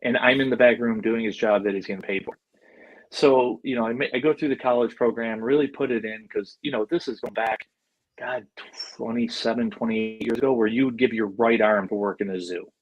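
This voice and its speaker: A man's voice: medium pitch, fairly quick, no echo, dull audio. A man in his forties from Buffalo, a podcast guest telling stories casually and acting out the voices of the people he quotes. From Buffalo, New York. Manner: animated, acts out quoted voices. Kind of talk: casual storytelling.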